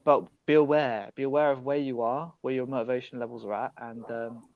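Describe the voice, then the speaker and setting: A man's voice: mid-range voice, a little fast, no echo. British man on a dull, dry call line. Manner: animated, acts out learners' inner voices. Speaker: podcast guest. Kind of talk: casual chat. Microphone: remote call.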